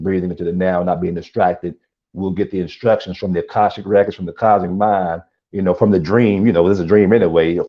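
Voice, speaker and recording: A man's voice: low-pitched, breathy edge, lo-fi sound. A man in a casual spiritual discussion, speaking in a rambling, reflective way with many fillers. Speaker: co-host.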